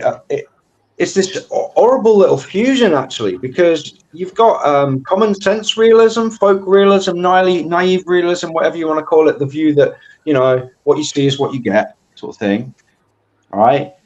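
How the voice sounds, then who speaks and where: A man's voice: on the high side, darkish tone, highs cut off. A British man talking philosophy in a live debate, discursive and heavy with technical terms. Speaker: debate panelist.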